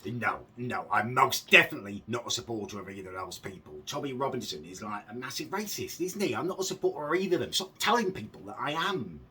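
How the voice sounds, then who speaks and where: A man's voice: mid-range voice, expressive, fast, few pauses, sharp tone, distant mic, slight background noise. A man hosting a reaction video, ranting sarcastically and sounding exasperated. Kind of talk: casual reaction commentary.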